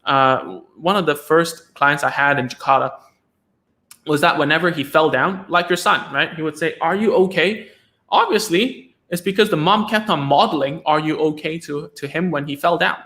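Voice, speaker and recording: A man with a slightly raised pitch hosts a casual live stream, answering parents' questions about speech therapy. He talks loosely, restarting sentences and checking in with "right?" and "okay?" after each point. He sounds like he is at a desk mic indoors. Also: moderate pace, sharp tone.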